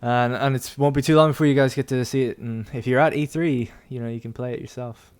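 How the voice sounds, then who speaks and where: A man's voice: medium pitch, steady tone, quick pace, darkish tone, clear, resonant tone. A young man chatting casually while streaming a strategy game, rambling and laughing often. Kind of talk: casual gameplay commentary. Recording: faint music behind.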